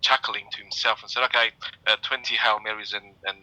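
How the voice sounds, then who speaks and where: A man's voice: fairly low pitch, steady tone, brisk, sharp tone, no room sound, rough recording. A man, an archaeologist guest on a podcast, telling rambling anecdotes full of fillers in casual chat.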